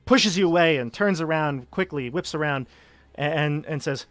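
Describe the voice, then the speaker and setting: Man running a tabletop game, halting. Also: on the high side, a bit bright, no echo. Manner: casual, halting with many fillers. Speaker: game master.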